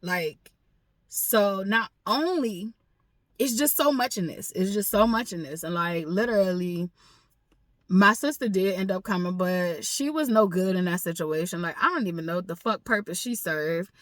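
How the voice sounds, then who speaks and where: A woman's voice: medium pitch, moderate pace, dry recording. A woman talks straight into her vlog with grief close to the surface, cursing freely and circling back to the same phrases. Her voice sits in a middle register. The sound is dry and close, with no room around it. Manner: raw, profane, repeats herself for emphasis. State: emotional, grieving. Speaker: vlogger. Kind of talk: personal storytime vlog.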